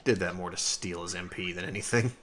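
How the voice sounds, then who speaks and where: Deep-voiced young man explaining a game. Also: brisk, a bit bright, slight background noise. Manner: laid-back, explains game mechanics. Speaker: let's play host. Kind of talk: casual gameplay commentary. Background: game music.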